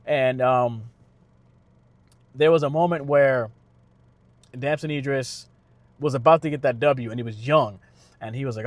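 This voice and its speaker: A man's voice: mid-range voice, no room sound. A man giving a casual spoken movie review, loose and conversational with lots of fillers and restarts. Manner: slangy retelling with quick impressions of characters. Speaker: car channel vlogger reviewing a film.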